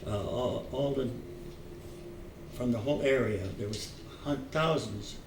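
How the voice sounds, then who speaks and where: An older man telling his memories in an oral history interview, halting with many fillers and restarts, chuckling now and then. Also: medium pitch. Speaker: veteran interviewee. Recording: echoey room, distant mic, faint noise.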